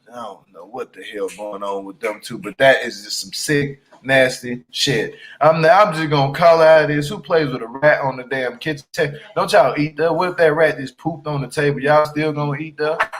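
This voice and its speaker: Man, high-pitched voice, blunt profane rant, casual reaction commentary. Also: fairly bright tone, rough recording. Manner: blunt, profane, exasperated ranting. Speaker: reality TV commentator.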